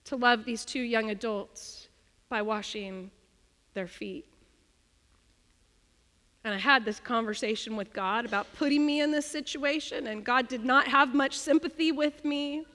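Woman pastor, sermon, high voice, animated storytelling, long hall reverb. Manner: animated, self-deprecating storytelling.

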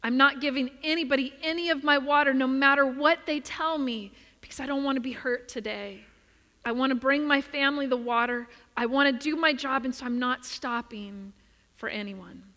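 A determined young man, firm and insistent as he speaks, put on by a woman preacher telling the story. The voice is bright and ringing. A long reverb trails behind it. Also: sits high, moderate pace. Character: determined young man, a weary water-carrier. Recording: reverberant hall.

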